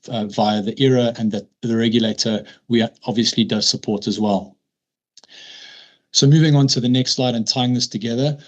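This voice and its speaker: A man from South Africa giving a formal presentation at a public hearing, measured in delivery, often pausing with fillers and restarting words. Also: mid-range voice. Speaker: licence applicant presenting.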